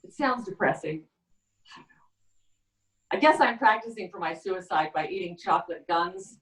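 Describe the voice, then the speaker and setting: A woman doing a stand-up comedy set with a rambling, halting deadpan delivery, often trailing off and restarting. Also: fairly low pitch. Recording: echoey room, far from the mic.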